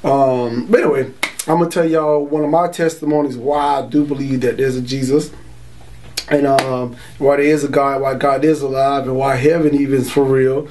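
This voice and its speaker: A man's voice: mid-range voice, fairly even intonation, moderate pace, a little mellow, slight background noise. A young adult man from Florida, telling his testimony in casual street slang and often saying "you know". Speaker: man giving a religious testimony.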